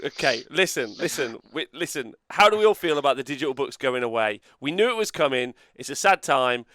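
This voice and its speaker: A man's voice: medium pitch, expressive, sharp tone, no echo, clean studio sound. A man hosting a casual group chat, playful and often laughing. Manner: laughs a lot, quick and playful. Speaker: podcast host.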